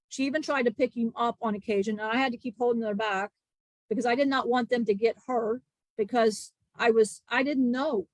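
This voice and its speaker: A woman channeling the spirit of an ancient male disciple, telling a grieving testimony in halting, emotional bursts with many restarts. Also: fairly high pitch, no room sound, lightly acted.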